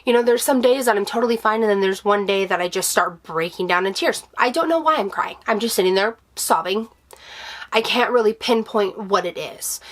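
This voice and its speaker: A woman's voice: mid-range voice, a little fast. A woman sharing a personal update in a vlog, candid and emotional, with many fillers and restarts, reassuring her viewers. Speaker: vlogger, stay-at-home mom.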